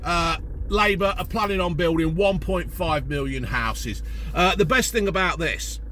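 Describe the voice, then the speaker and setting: A man's voice: on the high side, unhurried, sharp tone, a little hiss or hum. A man vlogging from a parked car, ranting bluntly and swearing heavily about the topic. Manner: blunt, heavy swearing, exasperated. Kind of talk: ranting to camera.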